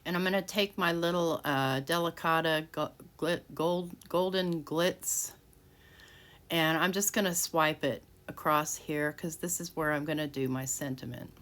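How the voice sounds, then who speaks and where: Lady crafter with a deep voice narrating every step, chatty and a bit rambly. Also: fairly even intonation, moderate pace, fairly bright tone. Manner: chatty, self-narrating each step with restarts. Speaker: card-making crafter. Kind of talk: casual crafting tutorial. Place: home craft room.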